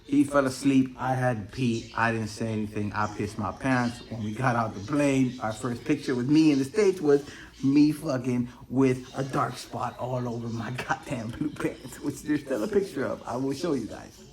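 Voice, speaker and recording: Guy in his 30s rambling thru a story on his podcast, swears a lot, mid pitch. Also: normal speed, a little mellow. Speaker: podcast host. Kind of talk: casual solo monologue.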